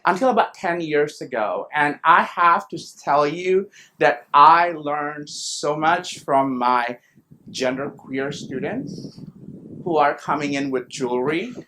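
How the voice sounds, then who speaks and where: A man from the United States who teaches speaks in a casual interview, unhurried and reflective, with self-deprecating humor. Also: on the high side, sharp tone. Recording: faint background noise.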